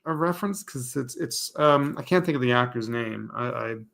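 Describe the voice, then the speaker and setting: A man's voice: mid-range voice, expressive, normal speed, vocal fry, a bit bright. A man in a casual podcast conversation, rambling and searching for his words. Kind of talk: casual chat.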